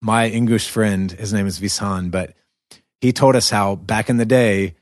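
A man's voice: fairly low pitch, fairly even intonation, a little slow, dry recording, clean studio sound. A man with an American Southern accent who hosts a podcast and explains things with enthusiasm in a casual chat. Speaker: podcast host.

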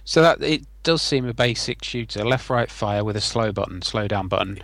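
Low-voiced podcast host, dry sound. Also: male voice, animated, normal speed, fairly bright tone, dry recording. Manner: explains game mechanics in detail. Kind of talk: casual chat.

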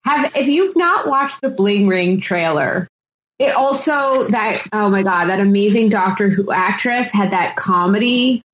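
A woman chatting casually on a podcast, rambling and animated as she tells a story. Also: mid-range voice, unhurried, roomy sound, rough recording.

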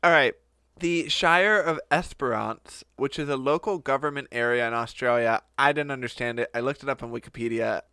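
Bright, joking male podcast host. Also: medium pitch, normal speed, smooth, dry recording. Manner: laughing, jokey, puts on goofy voices. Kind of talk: casual comedic chat.

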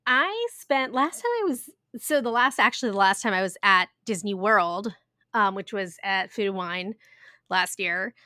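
A woman's voice: mid-range voice, expressive, normal speed, bright, forceful tone, dry recording, studio quality. A woman in her thirties chatting casually as a podcast co-host, giggly and full of fillers. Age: 30s. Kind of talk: casual chat.

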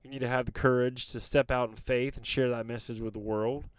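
A man's voice: medium pitch, steady tone, brisk, smooth, no echo. A man hosting a podcast, giving a casual but preachy motivational monologue straight to his listeners with rhetorical questions and lots of "man" and "you know". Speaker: podcast host.

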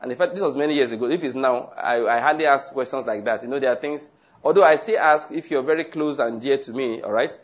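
A man's voice: medium pitch, quick pace. A man preaching a sermon, reading scripture aloud and explaining it in an earnest, conversational way with asides. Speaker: pastor.

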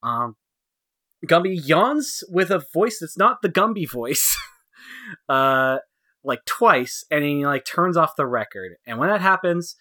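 A man's voice: fairly high pitch, very animated, slow pace, pushed and bright, dry recording, clean studio sound. Laughing, rambling podcast man. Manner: laughs often, rambling with many fillers. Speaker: podcast co-host. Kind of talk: casual chat reviewing cartoons.

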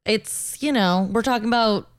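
A woman co-hosting a casual chat, animated, laughing often and swearing casually. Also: on the high side, normal speed, smooth, dry recording, studio quality. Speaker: podcast co-host.

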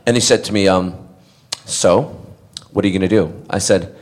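A middle-aged man, born in Scotland, spins a casual panel anecdote. His voice sits a little low, and he stays animated, slipping into other people's voices and breaking into laughter. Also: moderate pace. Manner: animated storyteller, acts out voices, laughs often. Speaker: actor telling convention stories.

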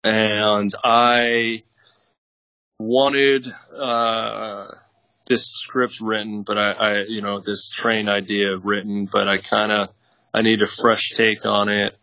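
Taking it slowly, a thirty-something actor and producer tells rambling stories as a podcast guest, heavy on fillers and frequent laughter. His fairly low voice has a level tone and sounds pushed and bright. There's no room sound, and the recording is low quality.

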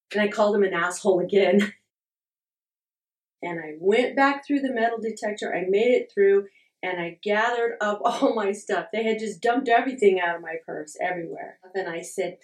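A middle-aged woman from Utah speaks at normal speed in a medium-pitched voice, candidly recounting a personal story. Her humor is frank and self-deprecating, and she laughs often. She sounds distant from the mic, with a roomy echo.

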